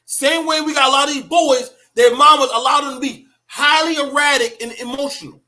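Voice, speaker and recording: A man's voice: very high voice, fairly even intonation, brisk, bright, forceful tone. Blunt, profane middle-aged man preaching. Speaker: commentator on parenting. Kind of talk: casual opinion monologue.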